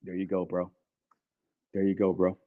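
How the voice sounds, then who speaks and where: A man's voice: low voice, normal speed, narrow, tinny audio. Slangy Southern man talking football. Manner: animated, slangy, repeats points with "bro". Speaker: podcast host. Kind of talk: casual sports talk.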